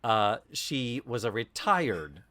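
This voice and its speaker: A man co-hosting a podcast in casual chat, his pitch swinging widely as he tells stories and slips into mock voices. The sound is dry and close, with no room around it. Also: takes it slowly, no echo. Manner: animated storytelling, mimics accents and voices with big pitch jumps. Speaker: podcast co-host.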